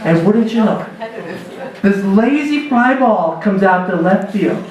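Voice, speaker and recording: A man who teaches spirituality, telling a lively personal story to a church dinner gathering. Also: high-pitched, slow pace, highs cut off. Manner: animated storyteller, acts out his own voice in quotes. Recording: echoey hall recorded from far off.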